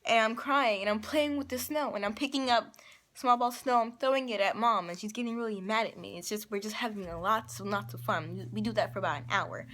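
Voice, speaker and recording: A girl vlogger with a sore, hoarse throat telling a rambling story to camera, acting out her own excited lines. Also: fairly high pitch, a little fast. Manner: rambling, with excited quoted dialogue. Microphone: built-in camera mic.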